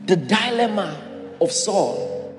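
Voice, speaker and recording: Animated Nigerian pastor preaching in hall. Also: male voice, high voice, takes it slowly, faint music behind. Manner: animated preaching, acts out voices in quotes. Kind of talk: sermon.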